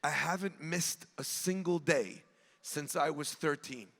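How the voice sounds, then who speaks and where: A man voicing an elderly, humble Russian man who speaks softly in halting, broken English with a Russian accent. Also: sits high, animated, creaky, exaggerated voice. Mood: sorrowful. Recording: long hall reverb.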